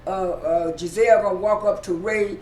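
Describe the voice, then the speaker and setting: A man with a high-pitched voice retells a TV episode in a loose, casual way, stumbling over fillers and repeating himself as he goes. He sits some distance from the mic in an echoey room, with a faint low rumble underneath. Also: steady tone, darkish tone. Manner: halting, many fillers and repeated words. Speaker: TV episode recapper. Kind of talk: casual spoken recap.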